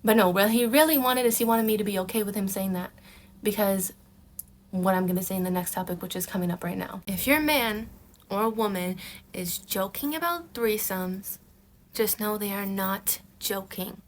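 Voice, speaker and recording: A woman's voice: medium pitch, normal speed, a little hiss or hum. A young woman talking casually in a dating advice vlog, emphatic and repetitive, calling the viewer honey. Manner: emphatic, repeats herself, calls the viewer honey. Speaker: vlogger giving dating advice.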